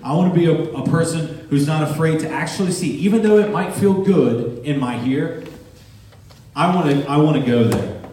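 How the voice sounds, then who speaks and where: A man's voice: on the high side, moderate pace, dark tone, slight background noise. A man preaching a sermon as pastor, talking plainly with humor and building emphasis. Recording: echoey church hall from far off, with guitar.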